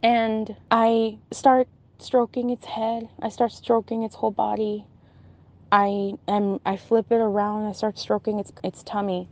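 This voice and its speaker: A woman's voice: a little high, a little mellow. A young woman telling a vivid dream in an intense, emotional, breathless way. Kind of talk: casual storytelling, recounting a dream.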